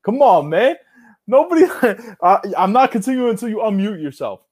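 A man with a notably high speaking voice, chatting on a podcast as a guest. He talks in a loud, hyped-up, bro-ish way, full of banter. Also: very animated, moderate pace. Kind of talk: casual podcast chat.

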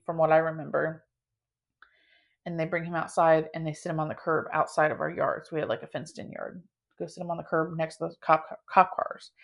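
Low-pitched young woman, podcast host, casual and dramatic storyteller, leans on "like.". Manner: dramatic, animated telling with many filler "like"s.

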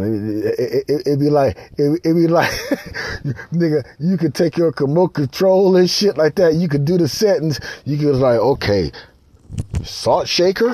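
A man's voice: on the high side, noisy background. A man hosting a podcast, ranting in a crude, rambling comic monologue. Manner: crude, rambling, animated, slips into voices. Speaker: podcast host. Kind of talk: profane comic rant.

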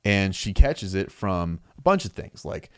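A man casually recapping a comic book story as podcast co-host, animated, acting out quick quotes. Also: low voice, clear, resonant tone, dry recording, clean studio sound. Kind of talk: casual chat.

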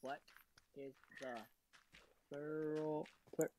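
A woman's voice: low-pitched, level tone, drawn-out words, vocal fry, mellow, rough recording. A young woman vlogging casually, rambling with lots of fillers and frequent giggles while she eats. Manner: eating while talking. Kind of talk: casual chat.

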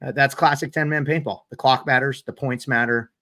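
Male podcast co-host, animated self-deprecating storyteller, mid pitch, casual. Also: fairly quick. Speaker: podcast co-host and paintball player.

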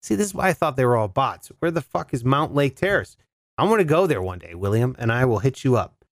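Laid-back male podcast host, cussing and saying dude, animated delivery. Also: medium pitch, fairly quick, no room sound, studio quality. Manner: laid-back, swears freely, says dude and bro. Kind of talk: casual solo podcast chat.

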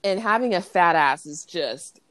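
A woman's voice: lowish voice, lively intonation, a little slow, a bit bright, dry recording. A young woman co-hosting a podcast, laughing a lot and swearing as she retells movie scenes in casual chat. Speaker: podcast co-host.

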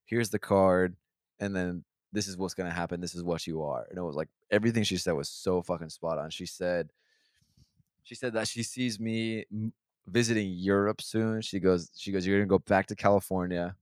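A man's voice: sits low, normal speed, no echo, studio quality. A young man telling a rambling, profane story in a casual podcast chat. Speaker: podcast co-host.

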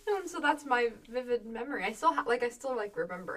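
A young woman co-hosting a podcast in casual chat, telling animated stories full of giggles and acted-out quotes. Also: a little high, quick pace, recorded from a distance. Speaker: podcast co-host.

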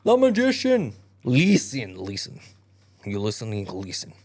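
A man's voice: mid-range voice, huge pitch swings, measured pace, darkish tone, exaggerated voice. A man voicing a cunning male tomcat in a put-on German accent, pleading and giving orders in a theatrical way. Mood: commanding.

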